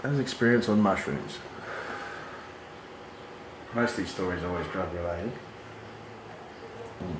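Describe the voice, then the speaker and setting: A middle-aged Australian man spins a rowdy yarn in a casual, swear-laden voice, animated and breaking into laughs. His voice carries a roomy echo, with steady background noise clearly audible behind him. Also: low-pitched, measured pace, long pauses. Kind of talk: casual storytelling.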